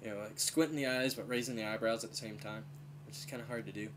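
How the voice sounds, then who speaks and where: A man's voice: fairly low pitch, steady tone, quick pace, a little hiss or hum. A man chatting casually in a vlog about doing voices, rambling with lots of fillers while fighting a slight head cold. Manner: rambling, full of "you know" and "uh". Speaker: vlogger and impressionist. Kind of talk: casual chat.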